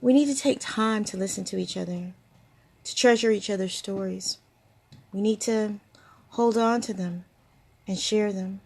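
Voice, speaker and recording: An older woman shares a memory in a reflective storytelling way. Her voice has a gravelly, husky texture, and she breaks into laughter now and then. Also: mid-range voice, a little slow, long pauses. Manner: warm, reflective, laughs often. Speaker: storytelling host. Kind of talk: personal storytelling to camera.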